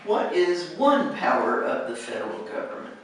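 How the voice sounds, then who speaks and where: An American woman teaching pronunciation, patiently encouraging and saying words slowly to model them. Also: low-pitched, big pitch swings. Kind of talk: one-on-one pronunciation coaching. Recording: echoey room, distant mic, faint noise.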